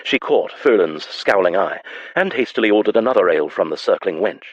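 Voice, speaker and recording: A man reading a historical romance audiobook in a measured, even manner. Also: low-pitched, dry recording, dull audio. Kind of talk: scripted audiobook narration.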